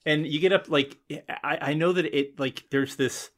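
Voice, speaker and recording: An American man co-hosting a podcast, talking in a rambling, halting way with many restarts. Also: fairly high pitch, fairly even intonation. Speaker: podcast co-host. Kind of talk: casual chat.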